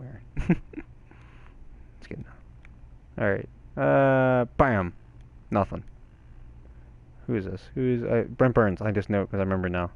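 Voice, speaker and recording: A young man giving excitable gameplay commentary, swearing and yelling at the game. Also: fairly low pitch, clean tone, muffled recording. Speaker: gaming channel host.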